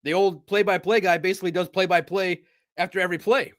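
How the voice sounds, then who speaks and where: A man hosting a sports podcast, chatting casually and telling animated stories with frequent laughter. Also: sits high, quick pace. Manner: animated storyteller, laughs often, mimics shouting. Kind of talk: casual livestream chat.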